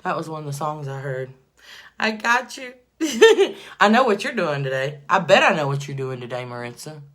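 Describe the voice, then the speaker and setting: A woman chatting casually to viewers on a livestream while doing her makeup, excitable and prone to loud bursts of praise. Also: low-pitched, normal speed. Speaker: livestream host.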